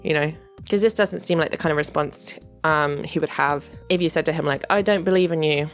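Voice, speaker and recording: A woman's voice: low voice, a little fast, soft background music. A woman giving chatty commentary on game dialogue, laughing often and adding wry asides. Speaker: video creator.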